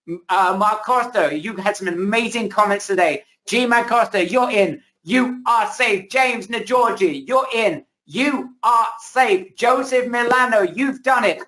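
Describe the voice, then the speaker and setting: A man hosting a live webinar, pitching energetically and repeating himself, losing his voice a little. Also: pushed and bright, poor audio. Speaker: webinar host. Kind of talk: hyped live sales pitch. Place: home, indoors.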